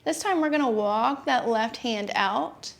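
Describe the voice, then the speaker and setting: A young adult woman teaching a gentle yoga class, giving calm, encouraging step-by-step cues. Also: on the high side, measured pace, gravelly. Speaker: yoga instructor.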